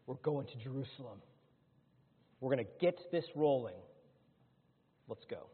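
A man preaching a sermon to his congregation, swinging between loud, rising lines and hushed ones. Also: medium pitch, animated, measured pace, pauses often, breathy edge. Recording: phone-like sound in a large hall.

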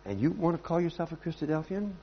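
A man preaching a sermon and telling stories in a lively, emphatic way. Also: on the high side, fast, highs cut off, slight background noise.

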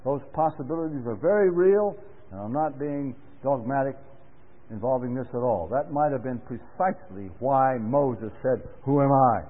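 Male Bible class speaker, sermon style, measured and emphatic, mid-pitched, tinny old recording with long hall reverb. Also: expressive. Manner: earnest, deliberate, with emphatic rises on key words.

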